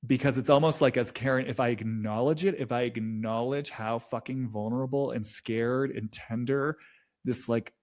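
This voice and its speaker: A man of ordinary pitch talks through an intuitive reading. He goes slowly and hesitantly, often restarting his sentences, with soft laughs along the way. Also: fairly even intonation. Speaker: intuitive reader. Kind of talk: spoken intuitive reading monologue.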